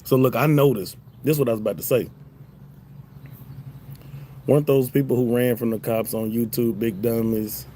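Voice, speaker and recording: A man's voice: mid-range voice, moderate pace, long pauses, slight background noise. Laid-back man chatting on a livestream. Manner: relaxed, profane, laughs often, reads chat aloud. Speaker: livestream host. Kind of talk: casual livestream chat.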